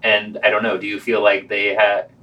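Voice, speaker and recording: Measured man podcast co-host. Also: fairly low pitch, completely flat delivery, lo-fi sound. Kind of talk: podcast reviews and casual discussion.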